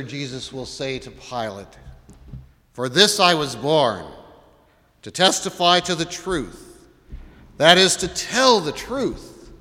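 Male preacher, bright tone, questioning delivery, church echo. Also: mid-range voice. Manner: asks the congregation repeated questions. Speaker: pastor. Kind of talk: sermon.

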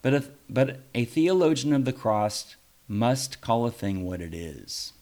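A man voicing a dignified male reformer in a story reading, with a slightly British tone, calm and consoling. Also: medium pitch, unhurried.

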